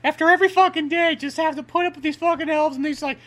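A woman's voice: high-pitched, fairly even intonation, fast, a bit bright. A woman giving crude, joking commentary while watching a film, swearing constantly and mocking the characters. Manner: profane, mocking, does silly voices.

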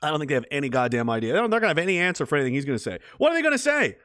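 A man's voice: on the high side, sing-song, racing, a bit bright, smooth, no echo, clean studio sound. Rambling, profane male livestream host. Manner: rambling, profane, laughs often, mocking voices. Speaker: livestream host reading chat. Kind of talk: casual livestream commentary.

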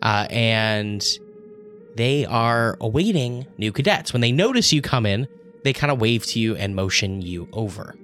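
A man narrating as dungeon master in a relaxed, rambling way with fillers. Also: lowish voice, measured pace, faint music behind. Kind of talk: narrating a tabletop game.

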